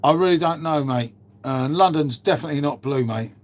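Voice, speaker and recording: A man's voice: fairly high pitch, brisk. A middle-aged man, hosting a livestream and chatting casually with viewers, laid-back and sweary, peppering his talk with mate and innit. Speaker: livestream host reading chat. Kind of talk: casual chat.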